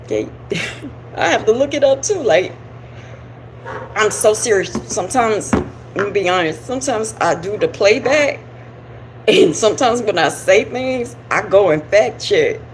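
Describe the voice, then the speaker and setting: A woman's voice: medium pitch, animated, moderate pace, pauses often, a little hiss or hum, poor audio. A woman hosting a live stream, talking casually and informally about spirituality, rambling with laughing asides. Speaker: livestream host. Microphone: camera on a live stream.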